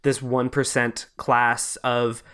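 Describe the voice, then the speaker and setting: A man's voice: mid-range voice, completely flat delivery, slow, a bit bright, clean tone. A man from Canada with a Canadian accent, co-hosting a podcast in a rambling casual chat full of fillers and restarts. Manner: rambling, many fillers and restarts, easily amused. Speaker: podcast co-host.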